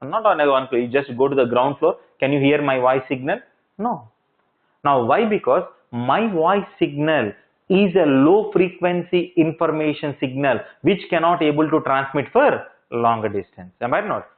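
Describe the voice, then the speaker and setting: Male lecturer, repetitive teaching style with rhetorical checks, fairly high voice, tinny lo-fi recording. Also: lively intonation, moderate pace. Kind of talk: classroom lecture. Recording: tinny phone-like audio.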